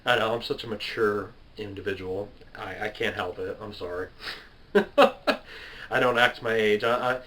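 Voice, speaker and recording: A man's voice: fairly low pitch, expressive, unhurried, pushed and bright, poor audio. A man in his twenties, a gaming video creator, answering viewer questions in a loose, rambling way and laughing at himself. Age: 20s. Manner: chatty, self-deprecating, laughs at himself and drifts off topic. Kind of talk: casual rambling Q&A to camera.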